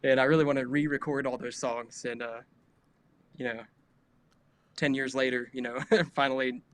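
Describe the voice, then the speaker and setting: A young man in his late twenties, a musician guest on a video call. His voice sits at an ordinary pitch. He talks in a relaxed, modest way, packed with fillers and quick laughs. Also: clear, resonant tone. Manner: laid-back, modest, full of "like" fillers, laughs often. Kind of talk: casual interview chat.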